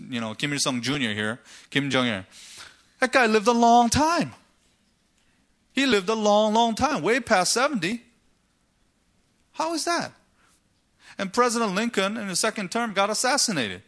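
A man's voice: sits high, bright, forceful tone. A man preaching a sermon, asking rhetorical questions and retelling scripture stories dramatically. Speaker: pastor.

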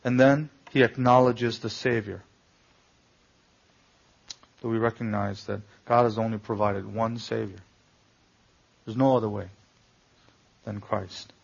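A male pastor preaching a sermon in a gravelly, husky voice. He asks the congregation pointed rhetorical questions and pushes hard on key words. The recording is dull and lo-fi. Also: lowish voice, fairly even intonation, unhurried, pauses often.

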